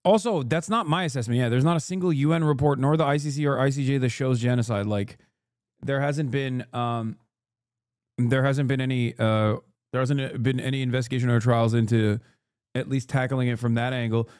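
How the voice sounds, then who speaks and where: A man's voice: mid-range voice, a little mellow, dry recording, studio quality. A man in his thirties doing live-stream political commentary, profane and combative, firing back at chat. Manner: profane, combative, rapid asides.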